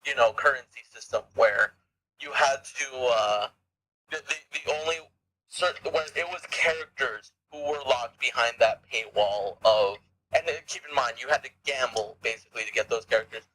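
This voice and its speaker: A man's voice: medium pitch, moderate pace, pushed and bright, poor audio. A man co-hosting a gaming podcast in casual chat, rambling with many stammered restarts and frequent swearing. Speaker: podcast co-host.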